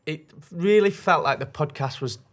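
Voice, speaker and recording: A man's voice: on the high side, normal speed. A man co-hosting a podcast, trading cheeky jokes in casual banter. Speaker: podcast co-host. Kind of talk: casual chat.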